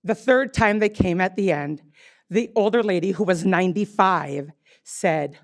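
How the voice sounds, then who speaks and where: A woman's voice: on the low side, normal speed. A woman in her sixties, a wine bar owner speaking unprepared at a public meeting, rambling with many fillers and restarts. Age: 60s.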